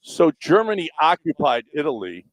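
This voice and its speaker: A man co-hosting a sports radio show, talking casually with halting, rambling sentences. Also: fairly high pitch, big pitch swings, dry recording, poor audio. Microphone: studio microphone.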